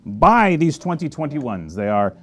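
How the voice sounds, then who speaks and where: A man's voice: on the high side, sing-song, unhurried, a bit bright. A man hosting a casual wine tasting review, talking enthusiastically with chatty asides and tasting murmurs. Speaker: wine merchant host.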